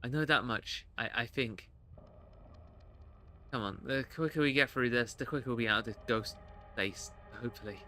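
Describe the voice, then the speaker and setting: Streamer doing a hushed, anxious young woman. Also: mid-range voice, moderate pace, pauses often, slight background noise, close to an everyday voice. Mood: tense. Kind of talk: voicing game dialogue.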